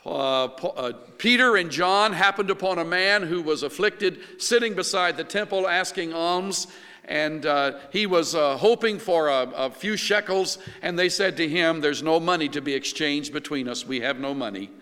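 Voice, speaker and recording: An older male pastor delivers a sermon in an earnest, measured way, often restarting his sentences. His voice is bright and forceful, and it rings out with the long reverb of a large hall. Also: fairly high pitch, smooth.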